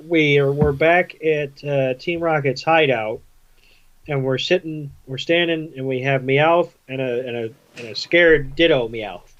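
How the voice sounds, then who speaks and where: A man's voice: on the high side, takes it slowly, a bit bright, highs cut off. Laid-back man recapping a cartoon. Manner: laid-back storytelling with fillers. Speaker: podcast co-host. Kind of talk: casual episode recap chat.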